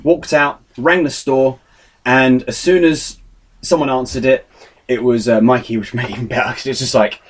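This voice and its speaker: A man's voice: medium pitch, fairly even intonation, moderate pace. A man in casual podcast chat, telling a long sweary anecdote and laughing as he goes. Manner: rambling storyteller, swears often, laughs through his story. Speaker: podcast co-host.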